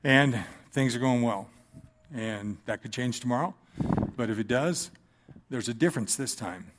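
A man's voice: mid-range voice, normal speed, background noise. A man giving an earnest, conversational personal testimony from the front of a church congregation, with touches of dry humor.

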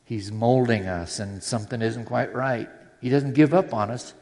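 Speaking at a normal speed in a medium-pitched, slightly mellow voice, a man delivers an earnest, personal sermon with readings from scripture. The setting is a church sanctuary, and the recording has a long hall reverb.

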